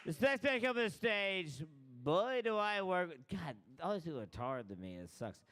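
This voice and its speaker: A man hosting as emcee, loudly hyping the comedians as they come to the stage. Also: sits high, big pitch swings, a little fast. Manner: loud, hyping. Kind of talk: introducing comedians.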